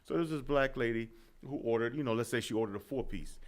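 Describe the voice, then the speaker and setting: A man's voice: mid-range voice, quick pace. A man chatting casually on a podcast, telling a story about running his restaurant. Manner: chatty, agreeing interjections, plain storytelling. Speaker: podcast co-host and restaurant owner. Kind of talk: casual chat.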